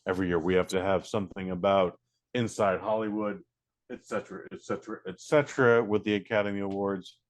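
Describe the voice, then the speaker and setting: Animated profane man reviewing a film. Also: fairly low pitch, fairly quick. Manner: animated, profane, acts out quotes. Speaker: podcast co-host, film reviewer. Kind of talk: casual chat.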